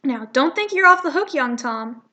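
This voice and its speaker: A woman's voice: high-pitched, expressive, moderate pace, bright, forceful tone. A woman voicing a strict female cat schoolteacher in a comic she reads aloud, stern and scolding.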